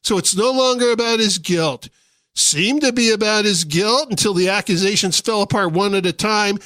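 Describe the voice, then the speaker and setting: A male radio talk show host with a high voice, speaking with sarcasm and indignation as he works through a political monologue. The studio sound is close and dry, with no room around him. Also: moderate pace, fairly bright tone, dry recording.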